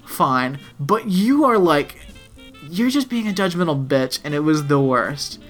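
A podcast co-host chatting casually, voice pitched in the middle range. The talk rambles on, crude and full of "like", while faint music plays behind. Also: animated, measured pace. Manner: rambling and profane, heavy use of "like". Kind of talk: casual chat, retelling a TV episode.

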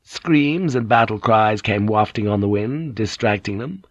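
A male audiobook narrator with a low voice who reads in an even, measured way. The sound is dry and close, with no room echo. The recording has a dull, lo-fi quality. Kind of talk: scripted narration.

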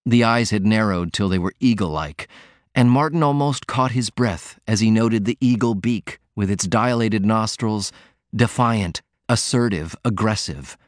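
Low-voiced man reading an audiobook. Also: a little slow, no room sound, clean studio sound. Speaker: audiobook narrator. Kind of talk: audiobook narration.

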